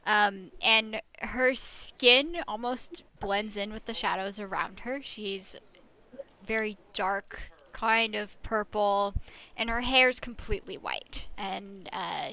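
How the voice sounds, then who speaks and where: Bright, gravelly-voiced woman player. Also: medium pitch. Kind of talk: describing a character in a tabletop game.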